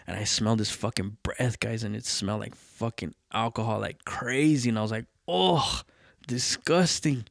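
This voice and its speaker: A man's voice: lowish voice, brisk, gravelly, hardly any pauses, no echo, studio quality. A man hosting a podcast, telling a personal story in casual, profane chat and acting out what people said. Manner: profane, animated, acts out quoted voices. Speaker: podcast host.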